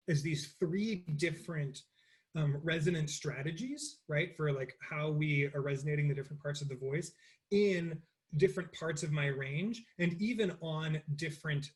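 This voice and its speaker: A young man leads a voice lesson, explaining resonance in loose, halting bursts and breaking into sung exercises. His speaking voice sits a little high for a man. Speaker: voice teacher. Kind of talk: interactive online voice lesson.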